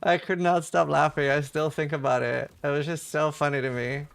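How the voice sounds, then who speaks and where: A man's voice: fairly high pitch, fairly even intonation, moderate pace, creaky, a bit bright. A man streaming, chatting casually and rambling through a funny story with laughs. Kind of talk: casual livestream chat.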